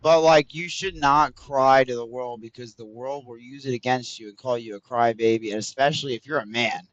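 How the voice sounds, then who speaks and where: The audio is dull but echo-free as a man with a medium-pitched voice talks briskly during a game stream. Chatting casually and directly with his viewers, he rambles and curses freely.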